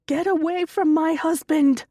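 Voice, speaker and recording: A woman's voice: sits high, a little slow, darkish tone, dry recording, clean studio sound, voice pushed up. A woman voicing a terrified older mother who shrieks frantic pleas during night terrors in an audiobook.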